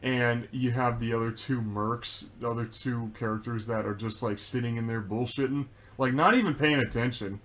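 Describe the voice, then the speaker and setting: A man's voice: medium pitch, steady tone, normal speed, hardly any pauses, fairly bright tone, a little hiss or hum. A man co-hosting a movie review, chatting casually, rambling with lots of fillers and laughing often. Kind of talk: casual chat.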